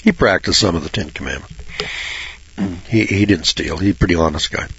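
In a dull lo-fi recording, a Bible teacher with a low, somewhat bright voice talks a little fast. His commentary is informal and folksy, blunt and full of swearing, with sarcastic digs at churchgoers.

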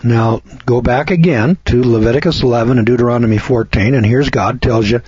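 Older man, radio host, folksy preachy commentary, husky voice, dull dry lo-fi sound. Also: mid-range voice, a little fast, darkish tone, dry recording. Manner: folksy, preachy, stretches key words for emphasis.

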